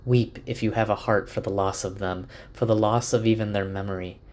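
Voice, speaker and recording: A man voicing a commanding woman sorceress who speaks gravely, like telling an old legend. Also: lowish voice, steady tone, brisk, a little mellow, natural voice. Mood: solemn. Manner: grave, storytelling cadence.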